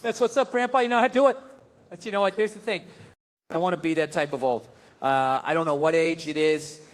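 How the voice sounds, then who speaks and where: A man doing stand-up in a raised, high-pitched register, ranting with sardonic exasperation. He switches into quick acted-out voices of the people in his stories between his grumbling complaints. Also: a little hiss or hum. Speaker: stand-up comedian. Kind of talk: stand-up comedy set.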